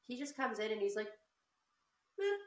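A woman telling a story in a casual chat, animated, swearing often and laughing as she talks. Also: mid-range voice, normal speed. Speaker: podcast co-host. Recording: roomy, a bit distant from the mic.

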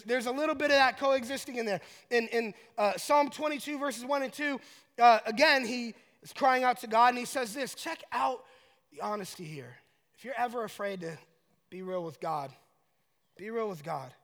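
A man from Colorado preaching a sermon, conversational and joking, building to loud emotional paraphrases. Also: extremely high pitch, moderate pace, big-room sound. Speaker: pastor.

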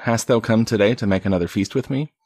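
Robin Hood, an honorable outlaw chief from an old storybook, speaks in slow, measured archaic phrases, as a man reads him aloud. His voice is low and husky, close and dry. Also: darkish tone, dry recording.

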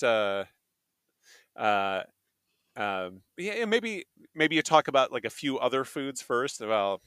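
A man's voice: on the low side, fairly bright tone, smooth, no room sound, studio quality. A man co-hosting a casual podcast, hesitant with many fillers and laughing often, recording from a restaurant. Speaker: podcast co-host. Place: McDonald's restaurant.

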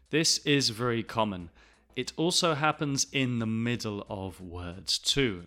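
A male English teacher explaining pronunciation, slow and deliberate, repeating phrases to demonstrate them. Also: fairly low pitch, sharp tone. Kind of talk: language lesson explanation.

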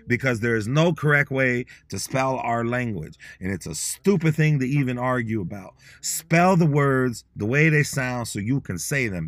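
A man with a mid-range, fairly bright voice hosts a podcast teaching Dakota words in a casual, motivational style. He's blunt and slangy, saying words slowly and repeating them so listeners can follow along. The recording is dry.

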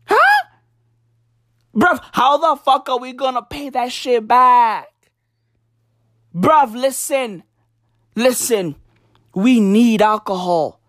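A woman's voice: fairly high pitch, takes it slowly, long pauses, fairly bright tone, dry recording, studio quality. A woman delivering a comedic rant, profane and slangy, hammering her points with repetition. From South Africa.

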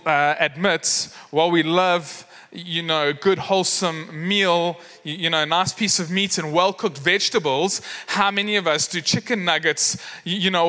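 A man's voice: sits high, sharp tone. A man preaching a sermon, telling a story with acted voices and lots of fillers. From South Africa. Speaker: pastor. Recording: long hall reverb.

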